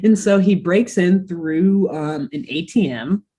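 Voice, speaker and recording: A woman's voice: on the low side, slow pace. A young woman hosting a podcast, casually recapping a cartoon episode with lots of laughter and playful quoting. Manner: animated, laughs often, drops in quoted voices. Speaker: podcast host.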